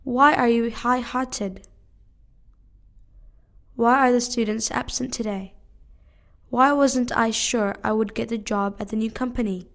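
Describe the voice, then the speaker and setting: A woman, reading English practice questions one at a time in a measured, careful way. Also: on the high side, fairly even intonation, creaky. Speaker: English teacher. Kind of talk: reading drill sentences aloud.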